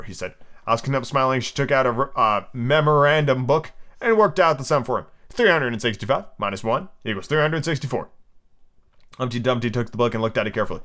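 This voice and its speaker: A man's voice: mid-range voice, quick pace, bright, forceful tone. A tipsy man hosting a podcast, reading a book aloud in a casual, stumbling way with restarts. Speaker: podcast host.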